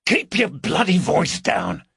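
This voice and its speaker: A man voicing a gruff, impatient man burglar who snaps curt, swearing replies. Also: a little high, huge pitch swings, takes it slowly, a bit bright, no room sound, clean studio sound, pitched above the performer's own voice, exaggerated voice. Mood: hushed.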